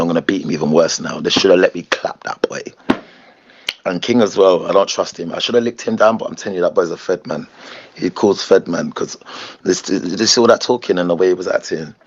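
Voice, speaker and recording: Young man, low voice, dull lo-fi phone clip, agitated slangy rant. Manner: agitated, fast venting with slang.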